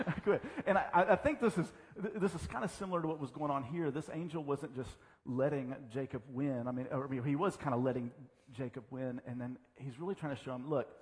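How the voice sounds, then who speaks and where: A man preaching a sermon as pastor, mixing humorous stories and self-deprecating asides into his teaching. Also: mid-range voice. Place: church sanctuary. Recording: church hall reverb.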